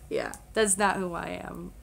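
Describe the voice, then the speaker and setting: A woman's voice: lowish voice, a bit bright. A young woman chatting casually on her own live stream, rambling with lots of fillers and frequent laughter, recorded on a camera on a selfie stick at home. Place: home room with a fan on.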